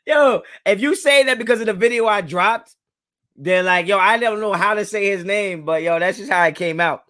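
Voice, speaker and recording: A man's voice: sits high, slow pace, long pauses, bright, forceful tone. A man hosting a live sports fan stream, talking casually and emphatically to his chat and repeating his points. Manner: talks to his chat directly. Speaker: sports fan livestream host.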